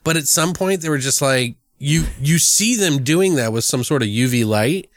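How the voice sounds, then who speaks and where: A man in casual conversation, excitedly retelling movie scenes and acting out lines with swearing. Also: a little high, moderate pace, no room sound, studio quality. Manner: animated storyteller, acts out movie lines with profanity. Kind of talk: casual film review chat.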